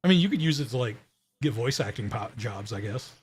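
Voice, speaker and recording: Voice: medium pitch, expressive, fairly quick, breathy edge. A streamer host chatting casually, giggling and teasing playfully. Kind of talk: casual chat.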